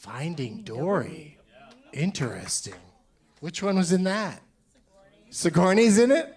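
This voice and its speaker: A man's voice: sits high, animated, normal speed, darkish tone. A man hosting a live comedy podcast, running a movie game with playful banter and frequent laughs.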